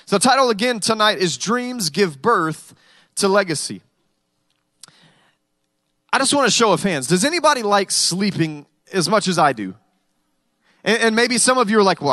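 A man's voice: sits high, sharp tone, no room sound. A male pastor preaching a sermon in a conversational way, with humorous stories.

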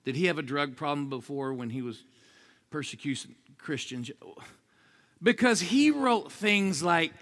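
Gravelly, shouting preacher man. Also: lively intonation, measured pace. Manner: swings from low asides to shouted exclamations; jokey, asks the crowd for responses. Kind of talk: energetic sermon.

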